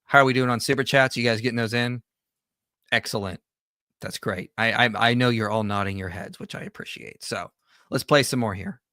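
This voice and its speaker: A man's voice: mid-range voice, a little fast, sharp tone, no echo, studio quality. A man hosting a livestream, giving conversational reaction commentary with frequent restarts and self-corrections. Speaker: host.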